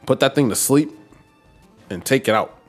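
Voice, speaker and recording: A man's voice: medium pitch, normal speed, faint music behind. A man streaming a game, chatting casually as he plays and talking to his team and viewers. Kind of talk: casual gameplay commentary.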